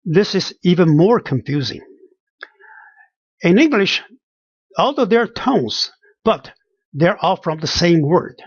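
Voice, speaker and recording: Slow, dry-voiced pronunciation teacher. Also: medium pitch, husky, dry recording. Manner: repeats each sound slowly, many restarts. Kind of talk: pronunciation lesson with spoken examples. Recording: dull lo-fi dry recording.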